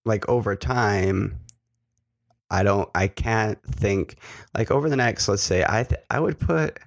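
A man's voice: lowish voice, a little slow, vocal fry, no room sound, clean studio sound. A man co-hosting a casual tech podcast, joking and rambling through restarts. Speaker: podcast co-host. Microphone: large studio microphone.

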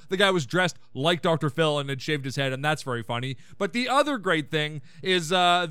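High pitched guy doing a snarky episode recap, jumpy tone, all over the place. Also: a bit bright, no echo. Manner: irreverent, ranting, sarcastic asides. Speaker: podcast host.

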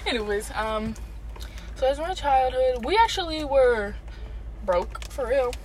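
A woman's voice: high-pitched, animated, measured pace, a little mellow, a little hiss or hum. A young woman co-hosting a podcast among friends, telling stories in a rambling, filler-heavy way. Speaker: podcast co-host. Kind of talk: casual chat among friends.

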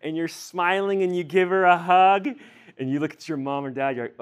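A young man teaching a sermon to a group, animated, acting out everyday scenes and quizzing his listeners. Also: sits high, a little fast, smooth. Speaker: youth teacher.

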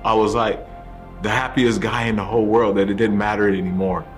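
Man, lowish voice, earnest personal testimony, soft music underneath. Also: flat delivery, fairly quick. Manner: earnest storytelling, acting out voices of others. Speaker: testimony speaker.

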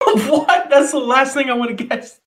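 A laid-back podcast co-host who teases his friend and laughs a lot. His voice is high and bright. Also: unhurried. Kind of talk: casual chat.

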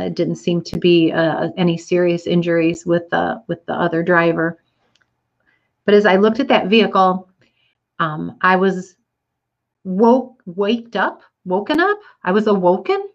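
A woman's voice: mid-range voice, highs cut off. A woman telling her listeners a personal story in an earnest, reflective way, with frequent fillers. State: getting teary.

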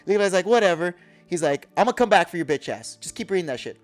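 A man on a podcast excitedly recapping an anime episode, swearing a lot and acting out characters' lines in a lower voice. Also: fast, soft background music. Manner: profane, acts out character lines in a low voice. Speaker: podcast co-host.

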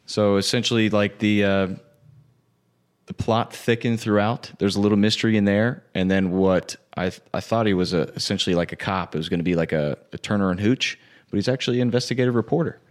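A man's voice: fairly low pitch, brisk. A man co-hosting a podcast, talking loosely with many fillers. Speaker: podcast co-host. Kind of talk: casual podcast chat.

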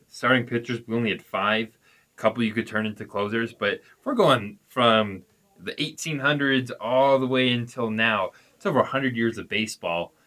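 A man's voice: lowish voice, pushed and bright. A man co-hosting a sports podcast, talking in an easygoing, rambling way with fillers. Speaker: podcast co-host. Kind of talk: casual sports chat.

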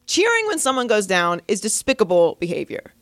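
A woman co-hosting a sports podcast, telling a story in casual chat with loud, animated exclamations. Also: mid-range voice, fairly quick, no room sound, clean studio sound. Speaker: podcast co-host.

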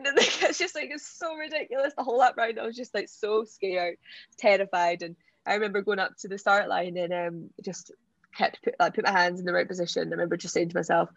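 A young Scottish woman from the Borders, telling an animated story as an interview guest, laughing often and acting out what people said. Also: medium pitch, quick pace, no echo, muffled recording. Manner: excitable, laughs often, acts out quotes. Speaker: athlete guest.

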